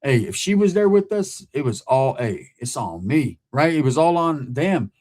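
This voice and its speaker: A Californian man casually tells a story from his past in loose street slang, chatting like a host to his audience and often checking in with a quick "right?". His voice sits at an ordinary middle pitch and sounds sing-song and a little mellow.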